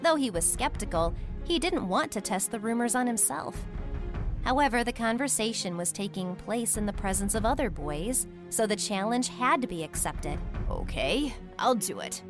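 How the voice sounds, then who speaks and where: A woman narrating her own story in a wry, expressive first-person style. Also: on the high side, normal speed. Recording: music bed under narration.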